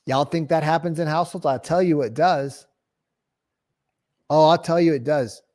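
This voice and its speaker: A man giving an energetic real estate sales training talk, acting out calls and clients and swearing casually. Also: on the high side, moderate pace.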